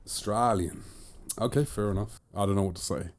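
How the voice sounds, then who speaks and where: Chatty male host, slightly low voice, talks in emphatic repeated phrases. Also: racing, darkish tone. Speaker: podcast host and disc reviewer. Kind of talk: casual chat.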